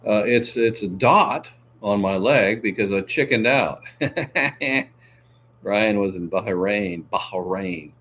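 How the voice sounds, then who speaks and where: Low-voiced man chatting casually on a livestream. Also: slow, a bit bright, a little hiss or hum. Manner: joking, laughs often, many fillers. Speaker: livestream host reading viewer comments.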